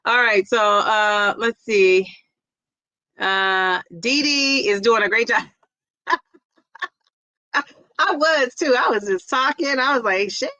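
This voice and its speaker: A woman's voice: on the high side, slow, pauses often, pushed and bright, no echo, low-quality recording. A middle-aged woman hosting a casual livestream, chatting, reading viewer comments aloud and laughing often. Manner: chatty, laughs often, exclaims "Jeez Louise". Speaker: livestream host.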